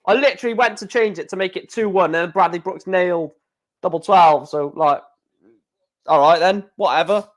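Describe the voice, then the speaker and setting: A man hosting a casual live stream and reacting to darts as it happens. He is chatty, talks straight to his viewers, and gets excited. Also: high voice, moderate pace. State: hiccuping.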